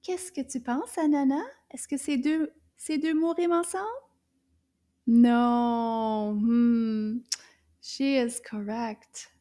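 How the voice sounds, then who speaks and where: A woman teaching children, slowly and gently and often dropping to a soft whisper. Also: sits high. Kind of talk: slow, clear teaching to kids.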